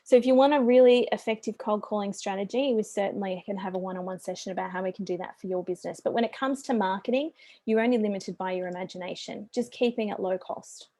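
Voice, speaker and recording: Brief: Australian woman, middle-aged business coach, warm mellow voice, chatty and upbeat, dry close sound. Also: medium pitch, fast, dry recording. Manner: chatty and upbeat, with friendly asides. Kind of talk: business presentation.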